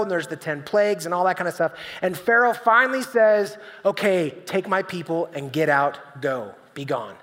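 Pastor guy preaching on stage, high voice, lots of hall echo, chatty storyteller. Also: a bit bright. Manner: conversational, storytelling, acts out voices with humor. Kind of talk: sermon. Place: church stage. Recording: long reverb of a church hall.

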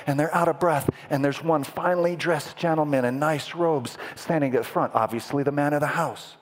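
Speaking at a moderate pace with hardly any pauses, a man with a fairly high voice tells a sermon story in the style of a dramatic movie trailer. He throws in vocal sound effects for a live audience gathered in a hall.

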